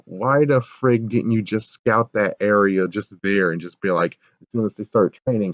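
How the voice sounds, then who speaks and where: A man's voice: lowish voice, moderate pace, hardly any pauses, dry recording. Sarcastic ranting man reviewing episodes. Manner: ranting, sarcastic, laughs often, swears. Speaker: show reviewer. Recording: dull, lo-fi, dry sound.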